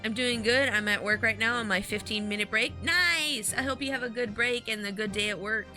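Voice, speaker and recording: A woman's voice: medium pitch, fairly even intonation, fairly quick, pushed and bright. Bubbly woman streamer with music behind. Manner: bubbly, giggly, apologetic. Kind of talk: game streaming chat.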